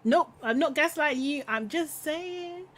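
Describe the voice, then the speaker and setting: A woman's voice: sits high, lively intonation, measured pace, fairly bright tone. A woman hosting a live recap podcast, chatting casually and bluntly with opinions, laughing often and trailing off mid-thought. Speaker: podcast host reacting to a reality show.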